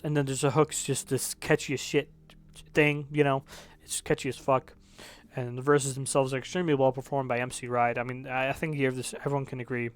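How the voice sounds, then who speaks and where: A man's voice: mid-range voice, level tone, brisk, smooth. A man reviewing songs in casual commentary, rambling and correcting himself, with the odd swear word. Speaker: music reviewer.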